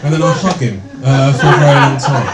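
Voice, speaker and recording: A man doing a stand-up comedy set, deadpan and sardonic, with plenty of swearing. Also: medium pitch, a little fast. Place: small comedy venue, indoors, with audience. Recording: echoey room, distant, loud noise. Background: audience laughter.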